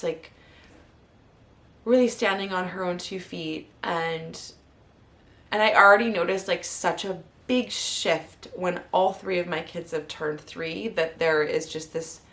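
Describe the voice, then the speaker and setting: A woman's voice: on the low side, a bit bright. A woman in her thirties, a mother, telling her story in a heartfelt, rambling way with many fillers, close to tears at times. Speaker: vlogger and mother. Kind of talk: candid personal vlog.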